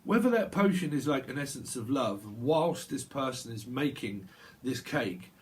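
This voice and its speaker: In a solo video recording, a tarot reader with a mid-range, very animated voice speaks at a moderate pace. His reading wanders as a loose stream of consciousness, with repeated sounds and little laughs to himself.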